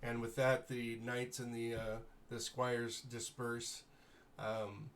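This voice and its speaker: A man narrates a tabletop game as game master, his voice sitting at an ordinary middle pitch. He talks very slowly and unscripted, pausing and correcting himself as he pieces the scene together. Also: flat delivery, a bit bright, slight background noise.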